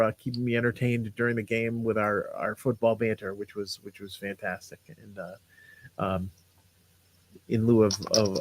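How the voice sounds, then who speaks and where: A man's voice: medium pitch, rough recording. Tired, hesitant man podcast co-host. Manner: hesitant, many fillers and restarts, tired. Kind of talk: casual live-stream chat.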